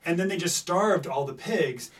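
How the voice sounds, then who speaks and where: Slightly distant, higher-voiced man chatting. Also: moderate pace. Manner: rambling, many restarts, animated when making a point. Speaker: podcast co-host. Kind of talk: casual chat about tabletop games.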